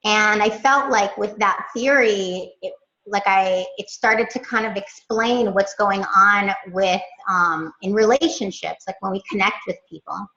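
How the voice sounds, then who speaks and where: A woman's voice: mid-range voice, measured pace, bright, forceful tone, reverberant, dull audio. An American woman introducing herself on a video call, hesitant, with many fillers. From United States. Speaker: course participant.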